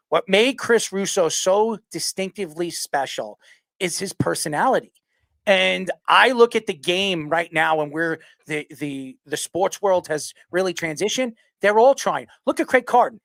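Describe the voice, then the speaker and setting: A man hosting a sports podcast who rants loudly and passionately, arguing hard and often raising his voice. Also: fairly high pitch, gravelly, no room sound. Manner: loud, passionate, yells his arguments. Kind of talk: heated sports talk rant.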